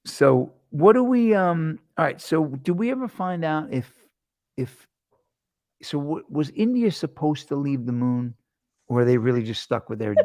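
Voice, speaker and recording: A man hosting a casual chat show, telling rambling jokey stories with quick asides. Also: fairly high pitch, expressive, darkish tone, dry recording, studio quality. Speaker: host.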